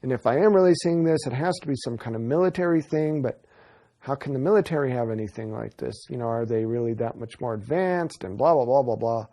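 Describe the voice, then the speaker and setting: A man's voice: mid-range voice, fairly quick, mellow. A man in a documentary interview, telling his story in an earnest, rambling way with frequent restarts. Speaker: interviewee recounting an experience.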